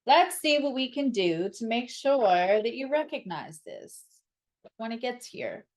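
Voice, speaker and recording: A woman's voice: on the high side, animated, a little slow. A woman giving a casual tarot reading to camera, blunt and sarcastic, and she swears freely. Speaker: astrologer and tarot reader.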